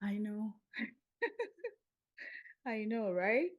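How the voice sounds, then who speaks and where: A middle-aged woman recounts a personal story as a podcast guest. She tells it in an animated way, acting out the voices of the people in it. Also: medium pitch, extremely slow, highs cut off. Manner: animated, acts out dialogue. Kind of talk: storytelling in an interview.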